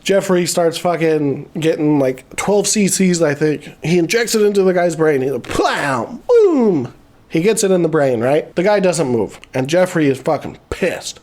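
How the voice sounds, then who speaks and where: A man with a slightly high voice recaps a film in loose, everyday chat. His talk is rambling and full of swearing, broken up by chuckles. It sounds offhand and unscripted. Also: normal speed, hardly any pauses, a little mellow. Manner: profane, laughing, rambling retelling. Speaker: movie reviewer.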